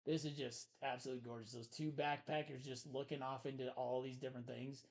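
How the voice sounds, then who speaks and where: A man's voice: mid-range voice, flat delivery, brisk, gravelly. A man co-hosting a casual board game review, talking with enthusiasm and many fillers as he shows the components.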